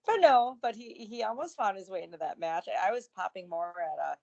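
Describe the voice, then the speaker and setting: Lively female podcast co-host. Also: mid-range voice, brisk, highs cut off. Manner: animated, laughing, trailing off. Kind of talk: casual wrestling chat.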